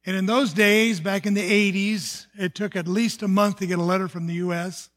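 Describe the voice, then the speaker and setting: Older man, pastor, high voice, earnest testimony, halting restarts. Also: steady tone, a bit bright. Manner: earnest storytelling with frequent restarts and fillers. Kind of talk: personal testimony sermon.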